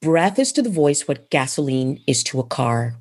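A woman's voice: low-pitched, very animated, normal speed, a little mellow, husky. A woman who is a voice coach and author, answering interview questions in an emphatic, instructive way and landing her phrases firmly.

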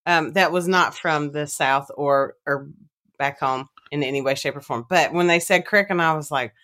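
Kentucky woman, appalachian accent, low voice, laughs a lot, teasing. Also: normal speed. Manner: laughs often, warm teasing. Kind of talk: casual chat.

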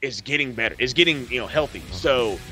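A man's voice: medium pitch, a little fast, over music. A man hosting a podcast, recapping wrestling in casual, profane, rambling chat. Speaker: podcast host.

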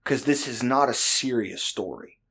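A young adult man telling a crude, animated comic story in a casual way, often breaking into laughter. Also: medium pitch, normal speed, breathy edge.

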